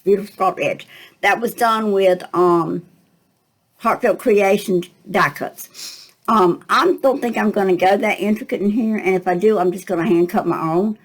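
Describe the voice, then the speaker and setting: An older woman walks through a craft project at a relaxed, chatty pace. She thinks aloud with plenty of ums and small asides, and a slight cough sits in her voice. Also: medium pitch, moderate pace, poor audio. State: coughing at times. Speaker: craft tutorial host. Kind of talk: casual craft tutorial.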